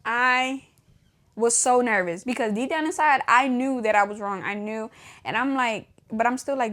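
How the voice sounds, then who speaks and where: A woman's voice: fairly high pitch, measured pace, fairly bright tone. Young woman, podcast host, casual testimony storyteller who acts out old dialogue with laughs. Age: young adult. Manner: casual, laughs often, acts out her own past dialogue.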